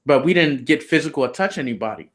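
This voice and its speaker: A man's voice: mid-range voice, lively intonation, fast talker. A man being interviewed, telling a story in loose, slangy, profane casual talk with lots of "you know". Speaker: interview guest.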